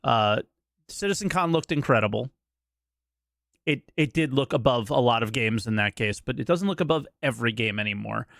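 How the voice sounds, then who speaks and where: A man's voice: medium pitch, animated, normal speed, gravelly, fairly bright tone, dry recording, clean studio sound. A man giving casual reaction commentary as a streamer, blunt and skeptical, pushing back on what he hears.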